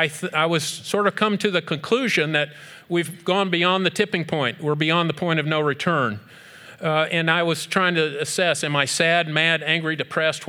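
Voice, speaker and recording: A middle-aged man addresses an audience with earnest, emphatic conviction and builds his points through rhetorical repetition. His voice sits a little high for a man and sounds bright and forceful. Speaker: speaker honoring a group at an event. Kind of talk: speech to an audience.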